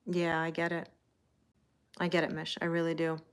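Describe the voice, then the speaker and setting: A Canadian tarot reader has a low, clear, resonant voice with a completely flat delivery at normal speed. During her casual livestream she reads viewer comments and speaks to her audience in a chatty, reassuring way, saying "you know?" a lot.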